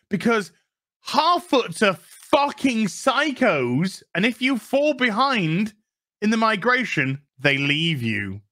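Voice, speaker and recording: A man's voice: high voice, big pitch swings, slow pace, sharp tone. Yorkshire guy doing an angry sweary show review, voice goes all over the place. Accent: Yorkshire English. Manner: sweary, sarcastic, exasperated. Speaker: TV review vlogger. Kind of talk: ranting review vlog.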